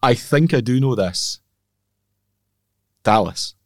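A man's voice: medium pitch, expressive, takes it slowly, no echo, studio quality. A man co-hosting a podcast in casual chat, chatty and wry, laughing often. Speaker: podcast co-host.

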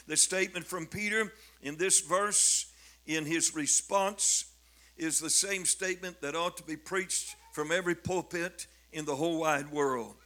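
Older male bishop, bright forceful voice, pitched a little high, preaching with fervent, repeated emphasis. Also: normal speed. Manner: fervent, rising to emphatic declamation, with frequent repetitions. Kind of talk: sermon.

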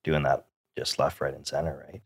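A man's voice: a bass voice, level tone, normal speed, slightly rough. A man hosting a casual podcast chat, speaking conversationally and often checking in with his guest. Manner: conversational, ends points with "right?".

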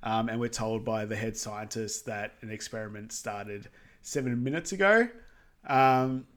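A man's voice: fairly low pitch, measured pace. Movie podcast guy, laid back, says um a lot while recapping. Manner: relaxed, filler-heavy with lots of ums. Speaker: podcast co-host. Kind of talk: casual film recap chat.

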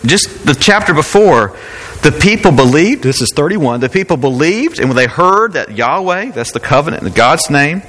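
A man's voice: a little high, very animated, normal speed, a bit bright, in a large hall. A man preaching a sermon as pastor, talking in a conversational way and asking rhetorical questions.

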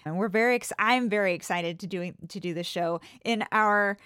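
A woman's voice: medium pitch, normal speed, fairly bright tone, clear, resonant tone, dry recording. Giggly woman podcast co-host, dry sound. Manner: chatty, giggles often, unsure about pronunciations. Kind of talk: casual chat.

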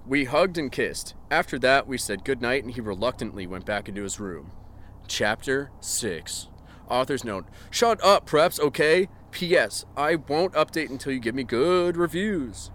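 A man on a comedy podcast reading fan fiction aloud in a mocking, deadpan tone, breaking off for jokey asides. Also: mid-range voice, unhurried, slight background noise.

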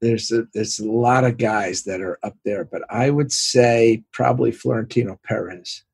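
A man in his sixties with a gravelly, husky voice spins lively stories for an interviewer. He slips into the voices of the people he quotes, and his recording is close and dry with no room sound. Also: fairly low pitch, normal speed, no room sound. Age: 60s. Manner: animated anecdotes, acts out quoted voices, laughs often. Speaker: sports executive guest. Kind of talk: casual storytelling interview.

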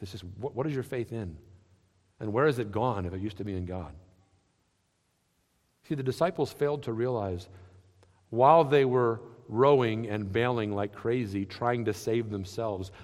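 A man preaching a sermon, swinging between loud emphatic lines and soft, quiet ones. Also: medium pitch, in a large hall. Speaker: pastor.

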